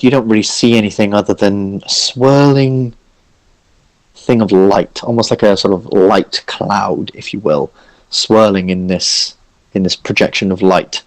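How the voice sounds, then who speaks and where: A young man narrating a tabletop game as dungeon master, relaxed with lots of fillers. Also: lowish voice, no echo.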